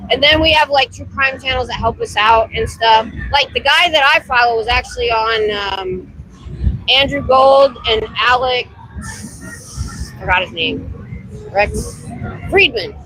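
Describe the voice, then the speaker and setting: A woman's voice: fairly high pitch, unhurried, sharp tone, slightly rough, low-quality recording. Chatty woman livestreaming on a street. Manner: chatty, rambling, talks to passersby. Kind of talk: casual chat on a livestream. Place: city street at night, outdoors.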